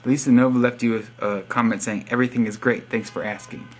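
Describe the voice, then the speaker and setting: A man's voice: mid-range voice, fairly even intonation, fast. Sarcastic young man teasing viewers. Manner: sarcastic teasing, reads profiles aloud with wry asides. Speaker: vlogger giving subscriber shoutouts. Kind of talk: casual joking monologue.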